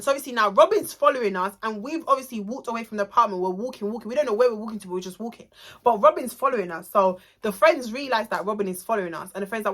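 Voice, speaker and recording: Young girl telling a storytime, bright voice, animated and swearing a lot. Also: fairly high pitch, rapid-fire. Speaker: vlogger. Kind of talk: storytime vlog.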